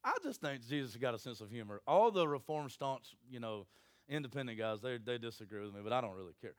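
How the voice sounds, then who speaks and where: A man's voice: medium pitch, animated, fast, no room sound, clean studio sound. A man preaching a sermon, folksy and joking, acting out Bible scenes in little voices. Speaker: pastor.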